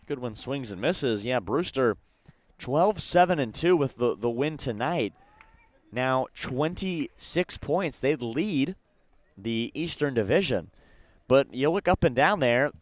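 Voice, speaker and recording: This young man calls a baseball game play-by-play, brisk and steady, slipping standings talk between pitches. His voice sits in a middle range and sounds close and dry, with no room around it. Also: dry recording. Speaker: play-by-play announcer.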